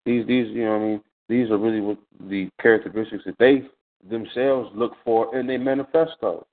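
A man with a fairly low voice talks in an unhurried, measured way, often stopping to check in with "you know". The line is narrow and phone-like, as on call-in radio. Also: steady tone. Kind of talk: casual radio talk.

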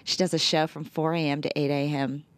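A woman with a lowish voice co-hosts a radio talk show, chatting and working through a list of tips. She speaks casually with plenty of ums, into a studio mic in a dry, close room. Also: little pitch movement, brisk, clean tone, no echo. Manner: chatty, upbeat, lots of fillers.

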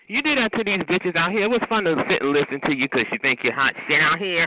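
A man's voice: lively intonation, fast. A man, ranting at someone on a phone chat line, cursing, taunting and repeatedly asking "okay?". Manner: pitch jumps up sharply when yelling. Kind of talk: heated phone rant. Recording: tinny phone line with hiss.

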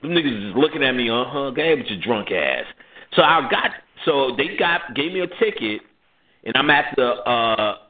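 A man with a New York accent, hosting a radio show and telling a story in a casual way, acting out the other voices. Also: mid-range voice. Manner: animated, acts out voices and laughs. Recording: phone-like lo-fi audio.

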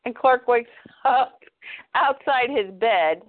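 Animated woman podcast co-host, phone-quality sound. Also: fairly high pitch, slow pace. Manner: animated, playful. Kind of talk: casual comic recap. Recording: tinny phone-like line.

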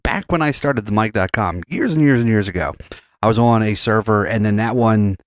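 A man's voice: on the low side, brisk. A middle-aged man hosting a podcast, telling stories in casual chat with crude jokes. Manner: crude joking, storytelling. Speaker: podcast host.

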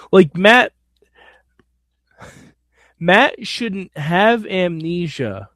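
On his solo podcast, this man gives a casual wrestling recap, blunt and opinionated with occasional profanity. His voice sits on the high side, captured in a dry recording with clean studio sound.

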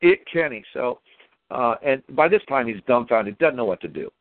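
A man calls in to a talk show and spins a lively story, pitched at an ordinary male level. He keeps acting out the back-and-forth himself. The sound is a dry, tinny phone line. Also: moderate pace, no echo. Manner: animated, retells his own dialogue. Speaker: caller. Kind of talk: call-in storytelling.

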